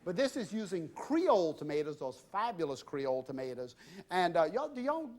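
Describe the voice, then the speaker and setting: A man's voice: high-pitched, very animated, normal speed, darkish tone. A middle-aged man with a Louisiana accent hosting a cooking demonstration in a home kitchen, talking in a chatty, folksy way and calling his viewers "y'all". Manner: folksy and exuberant, often says "y'all" and "I tell you". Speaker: TV cooking show host.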